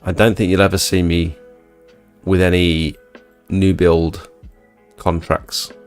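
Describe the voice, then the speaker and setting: A young man hosting a live stream, reading chat and chatting in a laid-back, low-energy way. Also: flat delivery, takes it slowly, faint music behind. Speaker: livestream host reading chat.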